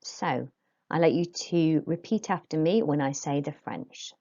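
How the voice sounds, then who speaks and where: A woman teaches a recorded lesson at a slow, patient pace. Her voice is lowish and mellow, and she explains each step clearly. The recording sounds dull and lo-fi. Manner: patient, clear classroom instruction with modelled pronunciation.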